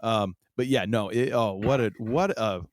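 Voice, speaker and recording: This podcast co-host has a lowish voice at a normal speed, with no room sound. He keeps the chat casual, wandering off with many fillers and restarts.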